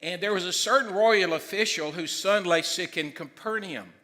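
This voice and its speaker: A middle-aged man preaching a sermon as pastor, excitable and emphatic, loud at times. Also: high voice, normal speed.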